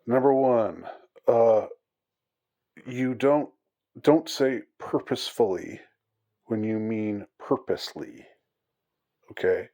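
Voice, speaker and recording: A man's voice: lowish voice, takes it slowly, long pauses, dark tone. A man giving a rambling, mock-outraged monologue with many fillers and restarts. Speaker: commentator on English usage. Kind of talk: casual monologue.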